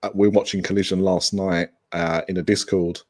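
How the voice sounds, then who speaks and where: Man, podcast guest, fairly low voice, eager and rambling, video call audio. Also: flat delivery, normal speed, darkish tone. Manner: enthusiastic, rambling with restarts. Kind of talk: casual remote interview chat.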